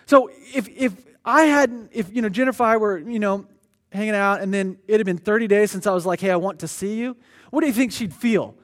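A man pastor delivering a sermon in a conversational, animated storytelling manner. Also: high voice, brisk.

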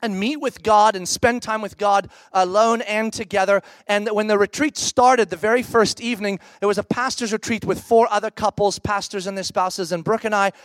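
Middle-aged male pastor, very high voice, dry close sound, candid storytelling sermon. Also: normal speed, hardly any pauses, dry recording. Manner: candid, animated, acts out quoted reactions.

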